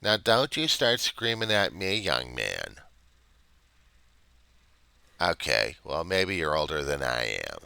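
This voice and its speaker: A dismissive, bored insurance authorization clerk, put on by a man brushes off a caller with sarcastic put-downs. The voice is gravelly and lively in pitch, with a bright, sharp edge, recorded close and dry. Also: slow pace, pauses often, no room sound, heavily acted. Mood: snippy.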